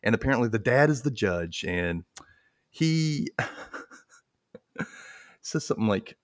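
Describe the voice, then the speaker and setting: Speaking slowly and pausing often, a man with a medium-pitched voice hosts a podcast where he chats casually about a sketch show. He tells it with energy, acting out bits and laughing a lot.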